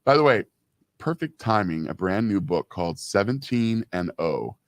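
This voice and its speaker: A man in his fifties co-hosts a relaxed talk show and tells stories at length, sprinkling in "you know" as he goes. His voice sits very low, and the recording is dry and close, with no room sound. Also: moderate pace, no room sound. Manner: chatty storyteller, many "you know" fillers. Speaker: co-host. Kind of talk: casual radio-style chat.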